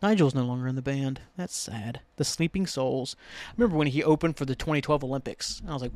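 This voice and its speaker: A man's voice: mid-range voice, fast, darkish tone. A man hosting a solo podcast, rambling casually and ranting with lots of swearing. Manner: rambling and ranty, swears freely. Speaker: podcast host.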